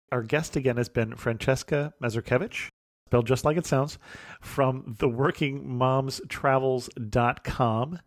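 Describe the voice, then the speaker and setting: A man's voice: mid-range voice, unhurried, no echo, clean studio sound. Chatty American man hosting a podcast. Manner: relaxed, chuckles often, brief affirmations. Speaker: podcast host. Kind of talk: conversational interview.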